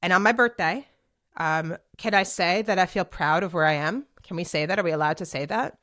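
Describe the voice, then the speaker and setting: This solo video podcast is hosted by a DJ in her forties who talks directly to the camera in a casual, chatty style. She has a slightly low voice and keeps rambling animatedly, with plenty of fillers like "like" and "um" and frequent quick restarts.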